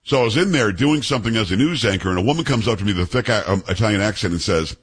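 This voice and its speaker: Lively fast-talking male radio host. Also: lowish voice, husky. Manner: animated storyteller, mimics voices. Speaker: radio talk show host. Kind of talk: casual radio talk.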